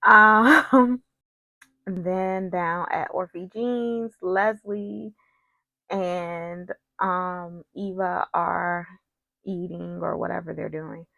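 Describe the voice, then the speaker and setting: A woman's voice: on the low side, fairly even intonation, very slow, creaky, no room sound. A woman casually recapping a soap opera, chatty and opinionated, with frequent digressions.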